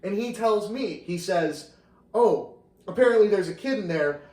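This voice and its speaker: A man casually telling a story on a podcast, animated, laughing often and acting out the voices of the people in it. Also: high voice, moderate pace. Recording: roomy, distant mic.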